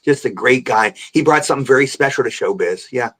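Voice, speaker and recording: An older man rattles off show-business anecdotes at a brisk clip on a podcast. He tells them with animated energy, and his pitch sits in an ordinary middle range. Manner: animated anecdotal storyteller, jumps into voices for quotes. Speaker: guest actor. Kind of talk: podcast interview storytelling. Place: remote podcast call.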